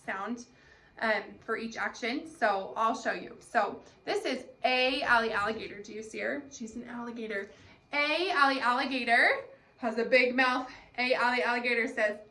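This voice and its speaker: A woman's voice: high voice, bright, forceful tone. A woman teacher leading a cheerful, sing-song phonics lesson for young children, demonstrating letter sounds.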